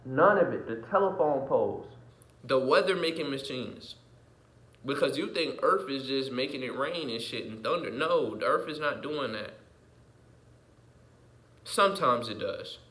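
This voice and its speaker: A man delivering an unscripted, heated, profane monologue rant as a vlogger, repeating himself and swinging between muttering and yelling. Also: mid-range voice, expressive, a little slow, pauses often.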